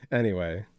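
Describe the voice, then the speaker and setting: A man's voice: on the low side, darkish tone, no echo, clean studio sound. Rambling, sweary male streamer. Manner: rambling, sweary, filler-heavy. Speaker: streamer reacting to videos. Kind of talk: casual live-stream chat.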